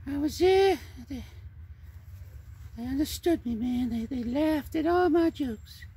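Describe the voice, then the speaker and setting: A man voicing a cheeky, boastful male puppet who has landed in jail, in a squeaky high voice that drawls and ends lines with "man". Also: lively intonation, slow pace, mellow, exaggerated voice.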